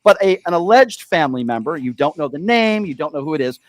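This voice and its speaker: A fired-up man calls in to debate the host, his fairly high voice leaping up and down as he argues. He talks over the other side and drives each point home by repeating the host's name. The sound is dry, with no room around him. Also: expressive, fast talker, dry recording. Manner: combative, interrupting, keeps repeating the host's name. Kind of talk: heated call-in debate.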